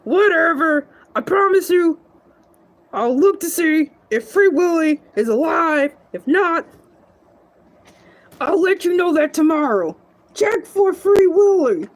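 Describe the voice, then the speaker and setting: A woman's voice: very high voice, lively intonation, slow pace, heavily acted. A woman voicing a goofy, rambling male shark celebrity who giggles and stretches his words out in a comedic monologue. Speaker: show guest.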